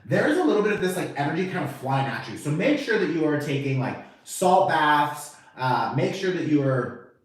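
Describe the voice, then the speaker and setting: A man giving a casual, animated tarot reading to camera, chatty and swearing now and then, acting out the reactions he quotes. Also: fairly high pitch, normal speed, far from the mic. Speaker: tarot reader. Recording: very echoey room, voice off-mic.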